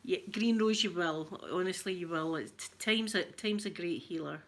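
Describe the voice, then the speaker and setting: Speaking somewhat low and at a moderate pace, a middle-aged woman from Scotland, with a Scottish accent, runs an ASMR channel. On her livestream she talks informally to viewers and animatedly tells stories.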